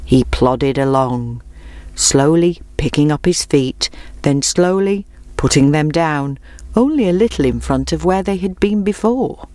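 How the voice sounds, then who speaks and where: Female storybook narrator, lowish voice, measured and clear, dry booth sound. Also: animated, darkish tone, no room sound.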